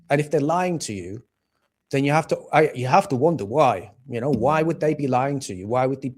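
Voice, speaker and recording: A man's voice: medium pitch, darkish tone. A man from England hosting a livestream, ranting bluntly and with plenty of profanity about politics. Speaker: livestream host. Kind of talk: casual political rant.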